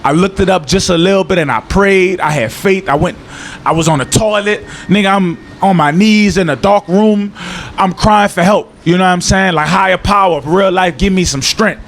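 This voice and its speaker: A young man with a New Orleans accent, chatting casually as an interview guest, laid-back and slangy, sometimes dropping to a low earnest tone. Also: normal speed, fairly bright tone, a little hiss or hum. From New Orleans, Louisiana. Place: outdoors in Miami.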